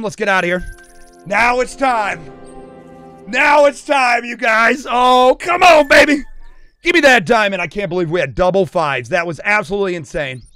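High-energy man streaming a hunt game. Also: smooth, no room sound. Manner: hyped, shouting whoops, dropping to murmurs. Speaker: gaming streamer. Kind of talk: hunting game commentary.

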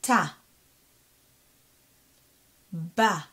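A woman's voice: lowish voice, drawn-out words, fairly bright tone. A woman teaching a reading lesson, patiently sounding out syllables and repeating each one. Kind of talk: slow step-by-step reading lesson.

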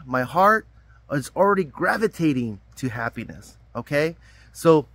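A man's voice: fairly high pitch, a bit bright, dry recording. A man vlogging from an outdoor summer camp, rambling in an upbeat, self-deprecating way as a camp counselor. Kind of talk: casual vlog talk to camera.

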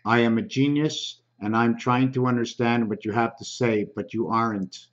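A man hosting his own channel, slowly reading comments aloud in a halting, casual way with frequent ums. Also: mid-range voice, steady tone, lo-fi sound.

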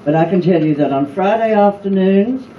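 A woman's voice: medium pitch, moderate pace, a little hiss or hum. An older Australian woman telling wry stories about her acting days at a fan luncheon. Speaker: former cast member on a panel. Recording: echoey room, far-off mic, dull sound.

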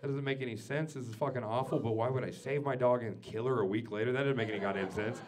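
A man doing a stand-up comedy set, telling a story with lots of swearing and swinging from quiet asides to loud rants. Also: medium pitch, steady tone, fast talker, a crowd in the background. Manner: swears freely. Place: comedy club stage before a live audience.

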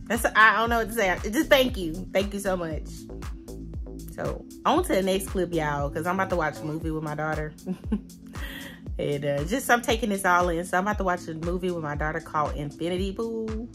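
A woman's voice: fairly low pitch, lively intonation, a little fast, over music. A woman vlogger talking straight to her viewers in a casual, heartfelt way, chatty and calling them y'all. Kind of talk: casual vlog talk to viewers.

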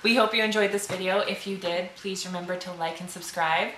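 Lady vlogger gushing about tea, lowish voice, roomy echo, faint hiss. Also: fairly even intonation, fairly quick. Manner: chatty, enthusiastic, says "like" often. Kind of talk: casual unboxing chat. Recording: echoey room with faint noise.

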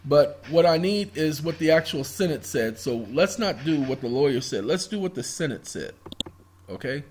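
A man with a slightly high, lively voice speaks at a moderate pace with a mellow touch, over slight background noise. Hosting his own video, he rambles casually through documents on his screen in screen-share commentary, calling viewers y'all and breaking into snatches of songs.

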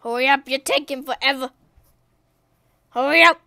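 A woman hosting a gaming channel, giving excitable let's-play commentary and talking to herself as she plays, shrieking whenever she loses. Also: high-pitched, moderate pace, dry recording. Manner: excitable, talks to herself while playing, shrieks when killed.

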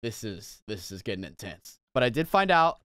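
Young gaming host, exaggerated rage commentary, very lively delivery, smooth dry sound. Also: male voice, lowish voice, moderate pace, dry recording. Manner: exaggerated rage, yelps and shouts. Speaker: gaming YouTuber. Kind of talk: frustrated gameplay commentary.

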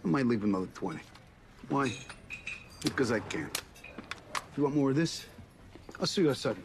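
An actor playing a pushy, theatrical debt collector who swaggers and swears, in film drama dialogue. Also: male voice, mid-range voice, lively intonation, normal speed, noisy background, lightly acted. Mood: persuasive.

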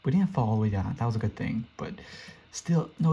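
A man's voice: mid-range voice, lively intonation, a little fast, gravelly, dark tone, breathy edge. Young man rambling through a frustrating game. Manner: rambling, frustrated, self-talking. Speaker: gaming streamer. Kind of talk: casual gameplay commentary. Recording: dull lo-fi mic with faint hiss.

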